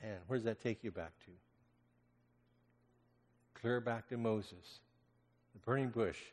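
A man preaching a sermon as pastor, swinging between loud impassioned cries and hushed, almost whispered lines. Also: on the low side, a little slow. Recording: long hall reverb.

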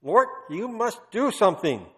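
A man's voice: sits high, big pitch swings, normal speed, pitched above the performer's own voice. A man imitating a bold elderly woman with a put-on Dutch accent, pleading urgently and insistently with God. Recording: long reverb of a large hall.

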